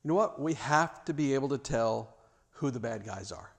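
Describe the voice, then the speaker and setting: A man preaching a sermon; he is animated, often stammers and restarts, and acts out the scenes he tells. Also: medium pitch, moderate pace, vocal fry. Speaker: pastor.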